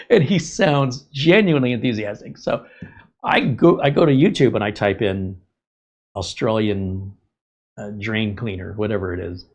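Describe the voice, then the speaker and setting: A man's voice: lowish voice, moderate pace. A man hosting a live stream, telling stories in a chatty, rambling way. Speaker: host. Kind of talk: casual live-stream monologue.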